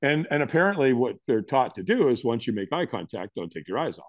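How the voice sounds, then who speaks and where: A man's voice: medium pitch, fast, no room sound. A middle-aged man telling a personal story in an interview, acting out the lines of the people in it. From United States. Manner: animated storyteller, acts out quotes. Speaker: guest.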